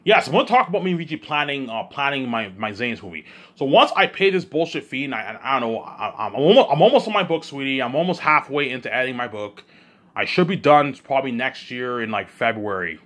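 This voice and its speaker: A man talking alone in a rambling monologue, repeating himself and swinging between loud outbursts and low mumbles. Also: animated, quick pace. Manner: repetitive, keeps saying "you know what I'm saying". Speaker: host of his own listening series.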